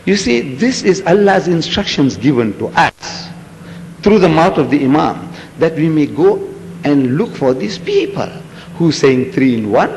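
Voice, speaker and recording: A man's voice: on the high side, sing-song, a little slow, darkish tone. Older man lecturing in an echoey hall. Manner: theatrical, rhetorical questions, acts out scenes; switches between English and Hindustani. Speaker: public lecturer on religion. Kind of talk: lecture to a live audience. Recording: echoey hall with faint background noise.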